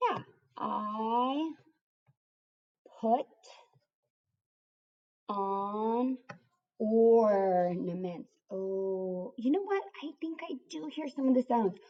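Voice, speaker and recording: A woman's voice: a little high, lively intonation, extremely slow, pauses often, distant mic. A young woman teaching a kindergarten writing lesson, sounding words out syllable by syllable. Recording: dull lo-fi recording.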